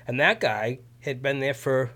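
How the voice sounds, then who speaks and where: A man's voice: medium pitch, a little slow, a bit bright. A man in casual chat, laid-back, hedging and trailing off.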